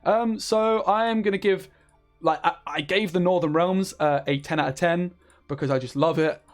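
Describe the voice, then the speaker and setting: A man's voice: sits high, normal speed, soft background music. Enthusiastic man reviewing game cards. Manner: chatty and enthusiastic, with frequent fillers. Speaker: card game content creator. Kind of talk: casual card review commentary.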